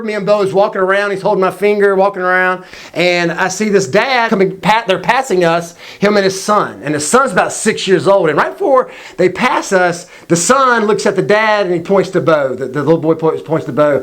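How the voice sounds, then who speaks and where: A man telling a Bible story to young people in a casual, energetic way, acting out the quotes. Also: high voice, normal speed. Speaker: youth faith video teacher.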